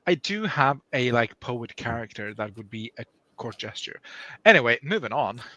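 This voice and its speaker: A man's voice: medium pitch, very animated, normal speed, bright, forceful tone. A man co-hosting a casual writing stream, joking playfully about fantasy novel ideas. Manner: quippy, playful, jokes about himself. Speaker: streamer co-host.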